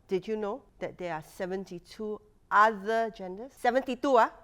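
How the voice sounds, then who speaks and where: A young woman co-hosting a podcast in casual chat, making teasing deadpan jokes, giggling at them, and dropping "lah" into her talk. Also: medium pitch, moderate pace. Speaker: podcast co-host.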